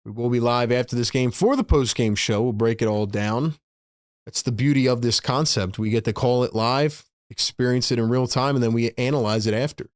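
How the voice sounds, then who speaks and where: A man with a medium-pitched voice calls basketball play by play for his fan show, and he reads out viewer messages between plays. His delivery is quick and casual, with frequent laughs, and the sound is dry and close to the mic. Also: smooth, no echo. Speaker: host and play-by-play caller. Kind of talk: live fan play-by-play and chat.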